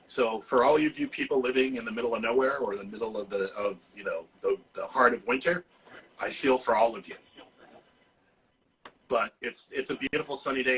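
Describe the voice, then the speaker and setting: A man from Massachusetts speaks at a middle pitch. He is a herbalist guest on a podcast, talking in a loose, joking way and dropping "you know" all through. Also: a bit bright, slight background noise, low-quality recording. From Massachusetts, USA. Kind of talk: casual podcast chat.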